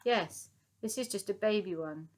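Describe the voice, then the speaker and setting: A woman voicing a bossy, clever little girl who speaks high and matter-of-fact in a storybook reading. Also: normal speed, a little mellow, natural voice.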